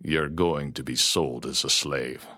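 A man voicing a gruff pirate captor who growls and mocks his prisoner in a storybook reading. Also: very deep voice, steady tone, a little slow, sharp tone, voice pushed down, heavily acted. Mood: menacing. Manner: growling, mocking.

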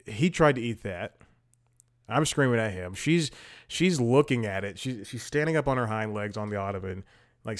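Male podcast host with a low voice, casual and rambling, easily drifts into side stories. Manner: rambling, digressive, self-amused. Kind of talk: casual talk-show commentary.

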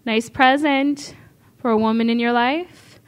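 A woman with a high voice calls bids at a charity auction. She paces herself slowly and steadily, repeats each amount, and coaxes the crowd to go higher. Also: steady tone, clear, resonant tone. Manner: brisk, repeats bids, coaxing. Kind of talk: live charity auction calling.

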